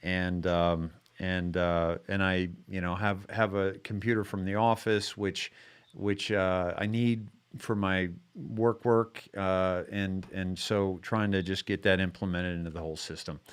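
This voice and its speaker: A man hosts a live-streamed talk show in an easygoing, chatty way. His voice sits a little low and comes across smooth and resonant. He rambles, stacking fillers and restarting his sentences as he greets viewers and guests. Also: flat delivery, a little slow. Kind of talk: casual chat.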